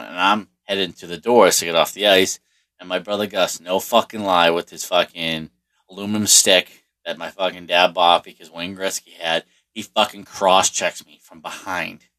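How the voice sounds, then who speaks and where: Deep-voiced, forceful man telling a story. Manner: profane, rambling, heavy on swearing and fillers. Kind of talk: casual spoken storytelling.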